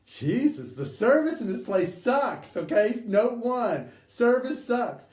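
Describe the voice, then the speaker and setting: A man doing a bold, mocking spiritual master who trades in insults, loud and raised high above his own voice, with stretched-out words. The voice rings in an echoey room, caught from a distance over faint noise. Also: big pitch swings, takes it slowly, exaggerated voice. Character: brash fearless male spiritual teacher hurling insults.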